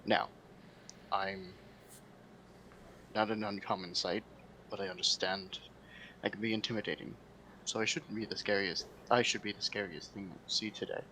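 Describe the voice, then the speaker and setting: A big, intimidating adventurer in a tabletop game, played by a man in his own voice. He talks politely and hesitantly, in a lowish register. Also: steady tone, moderate pace, long pauses, bright, forceful tone, slight background noise, rough recording.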